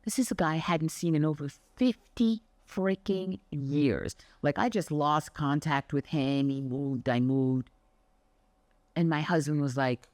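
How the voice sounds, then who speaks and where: A woman's voice: deep voice, measured pace, no echo. Chatty older woman, dry close sound. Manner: chatty, animated storyteller with mild swearing. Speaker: Pilates instructor. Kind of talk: casual motivational talk to camera.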